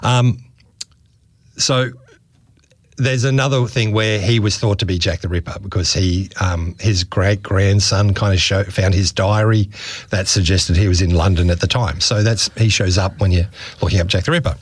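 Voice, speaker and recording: An Australian man talks history on a radio show in a relaxed, chatty way, full of fillers. His voice runs low and sounds a bit worn from leading tours. The studio sound is dry and close. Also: normal speed, no room sound. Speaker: regular history guest, walking tour guide. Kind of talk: casual radio chat.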